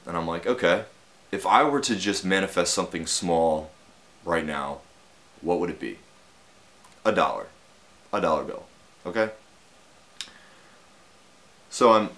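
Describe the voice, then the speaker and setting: A young man with a very deep voice tells a story in a loose, meandering way. He leans on fillers and tag questions and drops a casual swear now and then. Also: fairly bright tone. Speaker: vlogger.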